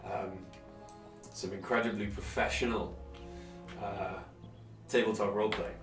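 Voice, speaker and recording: A game streamer and dungeon master chats casually during a let's-play, his lowish voice flat and unhurried. He rambles and pokes fun at himself with plenty of fillers, and the mic distance makes it sound roomy, with game music behind him.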